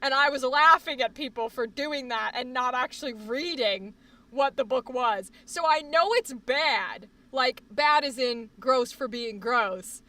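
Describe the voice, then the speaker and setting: A young woman streamer chatting casually on a live stream, rambling, swearing often and breaking into sudden loud outbursts. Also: high-pitched, measured pace, far from the mic.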